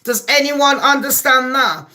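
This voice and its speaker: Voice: high voice, measured pace, pushed and bright. A host from England, ranting angrily about politics to camera, swearing constantly and firing off rhetorical questions. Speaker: channel host. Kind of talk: profane political rant to camera.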